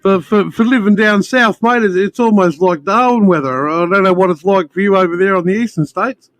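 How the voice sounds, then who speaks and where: A man's voice: sits high, fairly quick, fairly bright tone, no room sound. An Australian man in casual chat, rambling with frequent stammers and restarts, calling everyone mate. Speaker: guest caller.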